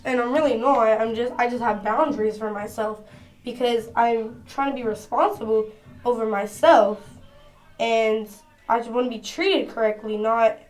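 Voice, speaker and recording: A woman's voice: fairly high pitch, normal speed, darkish tone, faint music behind. A woman telling a casual storytime to her phone camera at home, chatty and full of slang. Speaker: vlogger.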